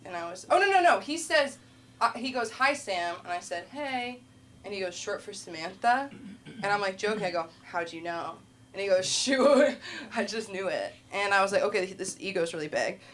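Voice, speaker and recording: A woman's voice: mid-range voice, normal speed, a bit bright, a little hiss or hum. A woman hosting a comedy open mic on a club stage, chatty and laughing as she acts out both sides of her stories.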